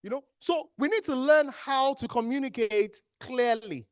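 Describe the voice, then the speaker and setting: A high-pitched trainer with a Nigerian accent speaks at normal speed, quizzing the room during an interactive workshop. The style is animated, with questions put to the training-hall audience and then answered. It's studio quality with no room sound.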